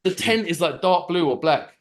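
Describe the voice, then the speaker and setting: Animated man in his forties. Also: high-pitched, normal speed. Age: 40s. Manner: animated, swearing, street slang. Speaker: podcast co-host. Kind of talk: casual storytelling chat. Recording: roomy echo.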